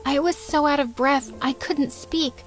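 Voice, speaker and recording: A young woman narrating a first-person storytime in a dramatic, expressive way. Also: high-pitched, a little slow, faint music behind.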